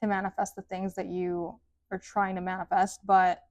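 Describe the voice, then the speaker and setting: A woman reads tarot cards casually, her mid-range voice a little mellow and fairly flat in pitch, moving at normal speed in a dry recording. Chatty and rambling, she leans on "like" and finishes sentences with a sing-song lilt.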